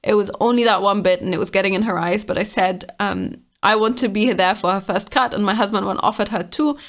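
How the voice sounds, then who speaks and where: A woman's voice: medium pitch, a little fast. A woman casually reading online comments aloud and reacting to them with frank exasperation.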